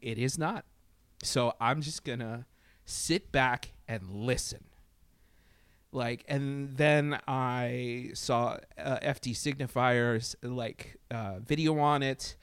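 Animated, swearing man, smooth voice. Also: medium pitch, takes it slowly, no echo. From Latin America. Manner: profane, animated, many fillers and restarts. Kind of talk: casual podcast chat.

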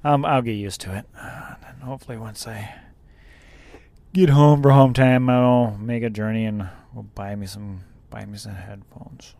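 A man's voice: medium pitch, fairly even intonation, normal speed, dark tone. A man who drives a truck, chatting casually and rambling about his day on the road. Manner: rambling, laughs at own story. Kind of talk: casual chat.

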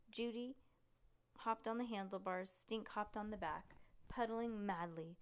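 A woman reading a children's book aloud in a lively way, with occasional slips and restarts. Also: medium pitch, unhurried, smooth. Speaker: reader.

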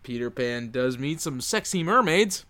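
Man, animated, bright voice, wry jokey podcast banter. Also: medium pitch, a little slow. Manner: wry, jokey, bursts into goofy put-on voices. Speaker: podcast co-host. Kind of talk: casual chat, joking banter.

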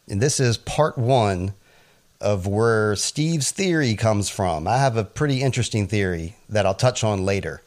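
A man co-hosting a podcast, casually recapping a TV episode in a chatty, animated way with asides. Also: lowish voice, normal speed. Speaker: podcast co-host.

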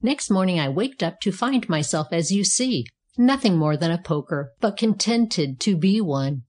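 A woman voicing a cheerful, self-satisfied talking fire poker in a read-aloud storybook, speaking calmly. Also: on the low side, moderate pace. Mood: contented.

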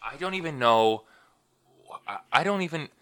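A man's voice: a little high, expressive, normal speed, pushed and bright. A man playing a tabletop game character in a sarcastic, teasing way. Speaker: player.

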